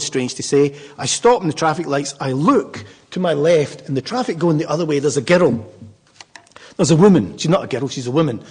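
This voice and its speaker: A man's voice: fairly high pitch, husky. An older man with a Glaswegian Scottish accent, a Buddhist speaker telling a rambling, humorous story to a live audience.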